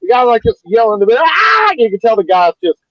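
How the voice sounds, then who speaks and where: A man's voice: high-pitched, fast talker, highs cut off, background noise. A man co-hosting a casual chat over an online call, telling stories with plenty of swearing. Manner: crude, swearing storyteller.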